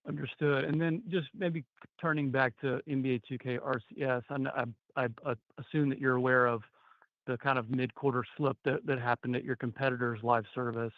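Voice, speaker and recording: A man's voice: medium pitch, flat delivery, brisk, no room sound. Rambling analyst man on a muffled line. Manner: rambling, many restarts. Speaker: financial analyst asking questions. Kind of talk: earnings call question. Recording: dry, muffled phone audio.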